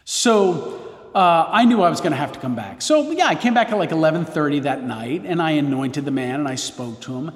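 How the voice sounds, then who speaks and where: A man's voice: fairly high pitch, animated, a little fast. A Catholic priest, a man, telling a story casually, rambling with frequent restarts and self-corrections. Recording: roomy hall reverb.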